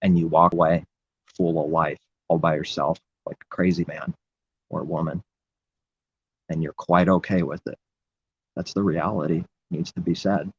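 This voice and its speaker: A man's voice: low voice, flat delivery, normal speed, long pauses, highs cut off, slight background noise. A man preaching in an impassioned, rambling religious monologue, repeating his phrases.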